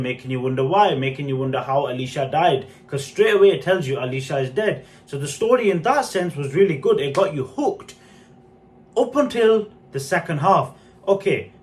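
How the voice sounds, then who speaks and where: A man giving a frank, casual spoken film review, talking straight to his viewers and calling them guys. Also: on the high side.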